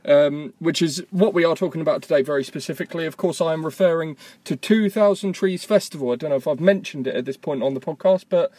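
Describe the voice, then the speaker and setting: Man, podcast host, rambling, self-mocking, slightly high voice, dry sound. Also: fast talker, few pauses, mellow, no echo. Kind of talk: casual podcast chat. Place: parked car. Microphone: tablet voice memo app.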